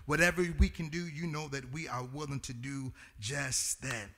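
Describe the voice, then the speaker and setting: A man's voice: mid-range voice, normal speed, sharp tone. A man pastor addressing his congregation, with many "um" fillers, swelling into a sing-song preaching cadence. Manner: frequent "um" fillers. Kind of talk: church announcements and sermon.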